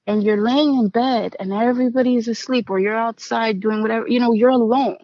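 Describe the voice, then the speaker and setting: A woman's voice: medium pitch, vocal fry, a little mellow, no echo. A woman guest on a podcast telling her personal recovery story, candid and emotional, stumbling over repeated words at hard moments. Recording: dull, dry lo-fi sound.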